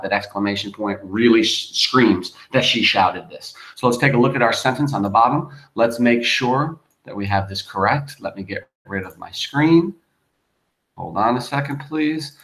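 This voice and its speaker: A man's voice: lowish voice, fairly bright tone, reverberant, rough recording. A man teaching a grammar lesson, patient and emphatic, spelling words out letter by letter. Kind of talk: grammar lesson over a screen.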